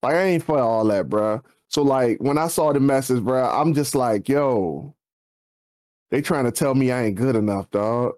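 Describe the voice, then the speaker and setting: A man's voice: mid-range voice, moderate pace, a little mellow. A man, co-hosting a casual podcast and ranting with slang, his voice leaping up for emphasis. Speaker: podcast co-host.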